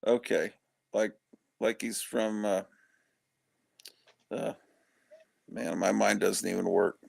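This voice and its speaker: A man's voice: fairly low pitch, fairly even intonation, takes it slowly, vocal fry, darkish tone, no room sound. A middle-aged man hosting a casual chat show, tired, rambling and joking as he talks. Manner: rambling, joking, self-interrupting. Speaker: host.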